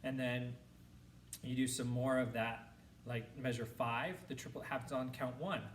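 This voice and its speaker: Band teacher counting rhythms aloud. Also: male voice, mid-range voice, fairly even intonation, measured pace, far from the mic, slight background noise, rough recording. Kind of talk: music lesson for students. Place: classroom.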